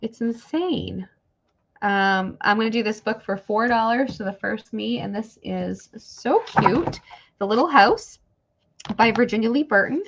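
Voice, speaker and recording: Casting note: woman, unhurried, gravelly live-sale host, chatty and rambling, dull lo-fi stream audio. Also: a little high, expressive, a little hiss or hum. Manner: chatty, rambling, thanks viewers by name. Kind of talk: casual live-stream selling.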